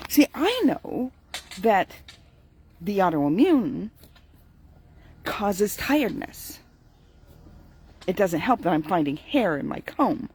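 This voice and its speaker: A tired older woman chats through her morning vlog in an unhurried way, drifting from one thought to the next. Her pitch swings up and down a lot as she talks, and she laughs easily between sentences. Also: big pitch swings, darkish tone, a little hiss or hum. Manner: chatty, laughs often, digressive. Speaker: vlogger.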